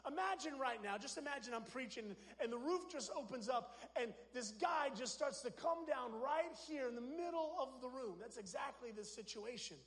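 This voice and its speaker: A man preaching a sermon as pastor, energetic, swinging between loud shouted lines and soft drops. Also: extremely high pitch, big-room sound. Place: church sanctuary.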